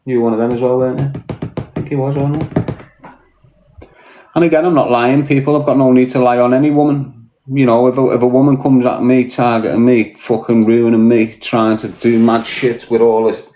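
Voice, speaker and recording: A man's voice: medium pitch, level tone, brisk, mellow. A man with a Scouse accent from Liverpool, ranting bluntly and swearing on a casual livestream, tired after hours on air. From Liverpool, England. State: mentally tired. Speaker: live streamer. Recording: roomy echo.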